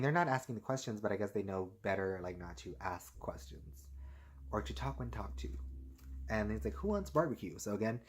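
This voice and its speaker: A man casually recapping a TV episode, rambling with lots of fillers and frequent laughs. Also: on the low side. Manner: rambling, heavy filler "like" and "and stuff like this"; laughs often while talking.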